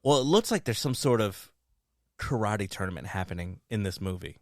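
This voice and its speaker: A man co-hosting a casual podcast chat, relaxed and laughing easily as he offers his theories. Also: lowish voice, normal speed, no echo, studio quality. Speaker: podcast co-host. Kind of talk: casual chat about movies and games.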